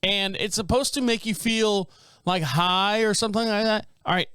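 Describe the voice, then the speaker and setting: A man's voice: high voice, moderate pace, fairly bright tone, smooth, no room sound. A middle-aged man hosting a podcast from a small studio, telling rambling stories in casual chat and laughing often. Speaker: podcast host.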